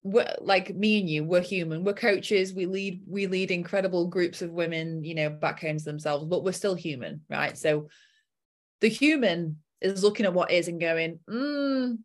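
A woman's voice: fairly low pitch, normal speed. A young adult woman coach telling a personal story in a casual chat and acting out her own inner voice.

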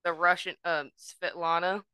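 A woman's voice: fairly low pitch, steady tone, measured pace, pushed and bright, clear, resonant tone, dry recording. A woman guest on a casual podcast, chatty and giggly.

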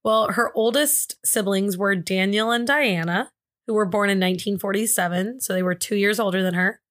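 A woman's voice: medium pitch, moderate pace, fairly bright tone. Chatty woman podcaster from Indiana. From Indiana, USA. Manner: chatty storyteller, laughs often, joking asides. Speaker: podcast co-host, case presenter. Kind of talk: casual true crime podcast chat.

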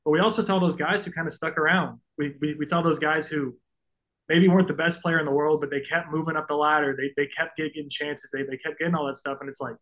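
A man's voice: fairly high pitch, fairly even intonation, fast, fairly bright tone, low-quality recording. A man in his thirties speaks in a slightly raised voice as a podcast guest. He sounds earnest and openly moved, with plenty of "like" and restarts. The tone is loose and conversational. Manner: earnest, openly emotional, many fillers. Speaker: guest, pro baseball pitcher. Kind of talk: casual podcast interview.

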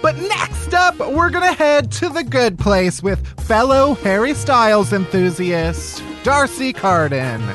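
A man's voice: very high-pitched, measured pace, hardly any pauses, faint music behind. A man hosting a comedy podcast, telling a rambling comic monologue full of swearing and laughter. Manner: animated, swearing, laughing at own jokes. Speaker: podcast host.

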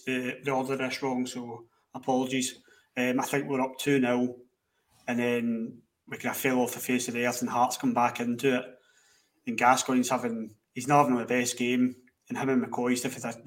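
Man telling a story, flat pitch. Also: far from the mic, rough recording. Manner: animated anecdote telling, swearing in quotes. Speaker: podcast co-host. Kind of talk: casual storytelling.

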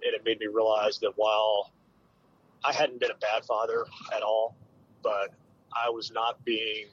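A man in his forties, a military veteran, telling a hard personal story with candid, halting speech and many fillers. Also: on the low side, little pitch movement, fairly bright tone, husky, lo-fi sound. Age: 40s.

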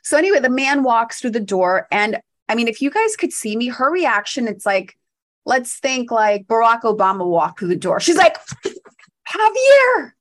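Female podcast co-host, animated storyteller, chatty and laughing. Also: on the high side, normal speed. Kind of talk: casual chat.

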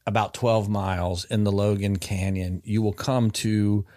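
A man's voice: on the low side, fairly even intonation, a little slow, a little mellow, no echo, clean studio sound. A man hosting a podcast, telling a story in casual chat. He rambles, restarts often and uses many fillers.

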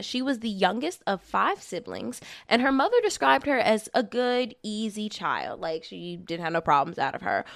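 A woman's voice: medium pitch, a bit bright, dry recording, studio quality. A woman co-hosting a casual true-crime podcast, chatty and self-deprecating. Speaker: podcast co-host.

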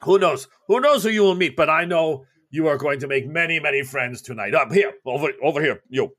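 A man voicing an excitable Russian party host with a put-on Russian accent and grand, raised delivery. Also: a little high, a little fast, voice pushed up, lightly acted. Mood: effusive.

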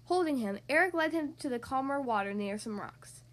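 High-pitched female host reading picture books aloud to children, expressive. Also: brisk. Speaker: podcast host and reader.

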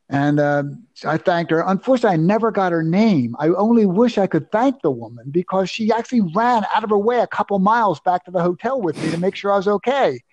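An older man telling a personal story as an interview guest, animated, emphatic and self-assured. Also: on the high side, fairly quick, no echo, muffled recording. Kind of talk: anecdotal storytelling.

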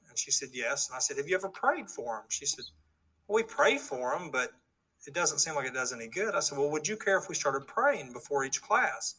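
Telling his testimony story earnestly before a live crowd, a middle-aged man with a high, sharp-toned voice performs the dialogue he quotes. The recording is rough.

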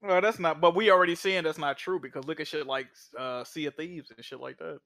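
A man's voice: fairly high pitch, steady tone, fairly quick, vocal fry, pushed and bright, dry recording, studio quality. A man co-hosting a casual gaming podcast, talking bluntly with slang and swearing. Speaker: podcast co-host.

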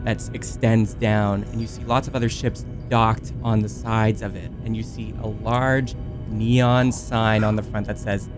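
A man's voice: fairly low pitch, little pitch movement, a little slow, music in the background. A man running a tabletop game as game master, narrating scenes in a laid-back, descriptive way.

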